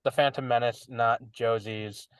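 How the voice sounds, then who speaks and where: Man, twenties, slight lisp, teasing and rambling, mid-pitched, dry close sound. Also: steady tone, measured pace, smooth, no echo. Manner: teasing, rambling, laughs often. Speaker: podcast co-host. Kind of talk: casual chat.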